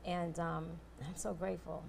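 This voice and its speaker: Woman, interview guest, low voice, gravelly, emotional, halting restarts, faint background hum. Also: little pitch movement, a little mellow. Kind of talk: earnest interview talk.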